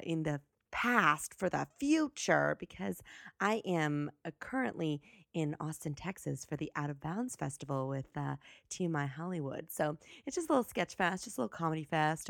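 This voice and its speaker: A young woman talks through her podcast intro in a loose, rambling way, gushing with playful, exaggerated excitement. Her voice sits fairly low and carries a strong gravelly fry. The sound is close and dry. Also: no room sound. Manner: gushing, rambling, playfully over-the-top enthusiasm. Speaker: podcast host. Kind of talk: casual solo podcast intro.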